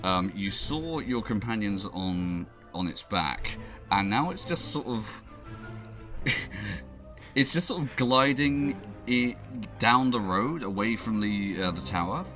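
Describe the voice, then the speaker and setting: A man's voice: fairly low pitch, animated, takes it slowly, sharp tone, soft background music. A man narrating as game master of a tabletop game, rambling with many fillers and laughs.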